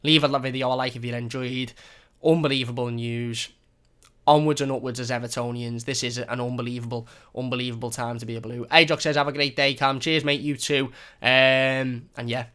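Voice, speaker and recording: A young man hosts a fan live stream at a brisk clip, reading comments aloud and thanking viewers again and again. His voice is bright and clear but stays flat in pitch, close on a desk mic at home. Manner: chatty, thankful, repeats phrases. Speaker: fan channel host.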